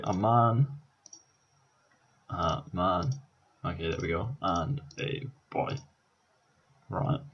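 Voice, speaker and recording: Young Scottish man, low husky voice, casual and sweary, tired, dull lo-fi recording. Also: fairly bright tone. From Scotland. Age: 20s. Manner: casual, sweary, thinking aloud with many ums. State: tired, up all night on coffee. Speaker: YouTuber. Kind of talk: casual vlog commentary.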